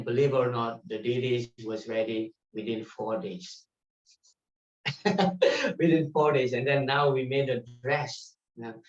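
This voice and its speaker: A man teaching a devotional class in a temple, spinning animated anecdotes and laughing as he goes. The recording is muffled and set back from the microphone, with the hall's echo around him. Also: medium pitch. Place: temple hall. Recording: distant muffled mic in echoey hall.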